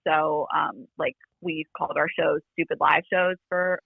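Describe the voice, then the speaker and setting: A woman chatting as a podcast guest over a remote call, talking quickly with lots of "like" fillers and a fry in her voice. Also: sits low, flat delivery, no room sound. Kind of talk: casual chat. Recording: phone-like remote line.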